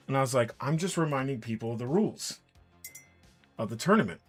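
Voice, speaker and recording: A man's voice: medium pitch, moderate pace, long pauses. A man casually telling a long anecdote during a painting stream, acting out what each person said. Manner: animated anecdote, quoting others in dialogue. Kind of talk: casual storytelling while painting miniatures. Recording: faint music in background.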